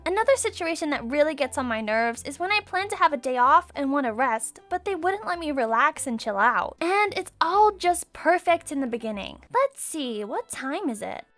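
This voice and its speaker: A young woman narrating her own animated story with a dramatic, exclamatory and sarcastic delivery. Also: high-pitched, normal speed, hardly any pauses, soft background music.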